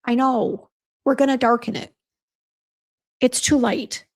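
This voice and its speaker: Gravelly-voiced woman in her fifties chatting. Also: high voice, steady tone, takes it slowly. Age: 50s. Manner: chatty, frank and self-deprecating, often exclaiming. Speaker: beauty brand owner hosting a live stream. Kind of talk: casual live-stream chat, reading viewer comments.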